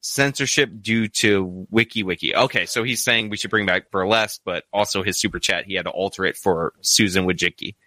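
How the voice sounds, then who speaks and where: Male streamer, bright voice, rambling chatter with plenty of fillers. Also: low-pitched, brisk, hardly any pauses, no room sound. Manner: rambling, many "like" fillers, laughs often. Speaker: streamer reading super chats. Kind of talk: casual live-stream chat.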